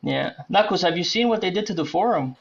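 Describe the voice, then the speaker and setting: A man's voice: high voice, expressive, quick pace, gravelly, lo-fi sound. A man, a superfan guest ranting profanely in casual podcast chat. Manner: profane, ranting fan banter.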